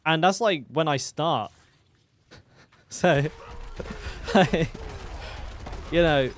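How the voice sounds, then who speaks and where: A man's voice: on the high side, drawn-out words, a little hiss or hum. A British man chatting casually with his stream chat while gaming, joking and swearing. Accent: British English. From Britain.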